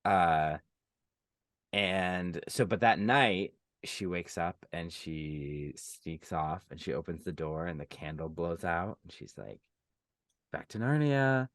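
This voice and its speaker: A man's voice: low voice, fairly even intonation, takes it slowly, a bit bright, dry recording, studio quality. A man co-hosting a podcast, retelling movie scenes in casual chat and quoting the characters' lines. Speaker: podcast co-host. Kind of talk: casual chat recapping a film.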